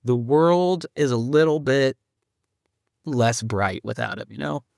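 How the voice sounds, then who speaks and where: A grieving man records a halting, rambling solo podcast update, restarting his sentences as he searches for words. His voice sits at an ordinary middle pitch and comes across close and dry, with no room sound around it. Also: creaky, darkish tone, clean tone, dry recording. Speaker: podcast host.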